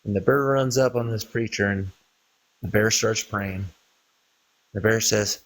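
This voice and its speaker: A man's voice: on the low side, a little slow, long pauses. A man calling into a stream who talks in a rambling way, telling a joke and acting out its lines. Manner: rambling storyteller, acts out quoted lines. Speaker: caller. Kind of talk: casual chat, telling a joke.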